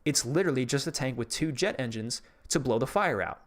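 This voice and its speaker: A male streamer chats into his desk mic in a loose, rambling way. He curses freely and laughs easily, and his voice sits at an ordinary middle pitch. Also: lively intonation, fairly quick. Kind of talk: casual live-stream chat.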